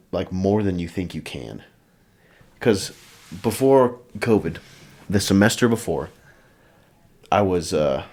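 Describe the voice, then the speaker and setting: Here a young male podcast host chats casually in a lowish, darkish voice. He rambles along, leaning heavily on fillers.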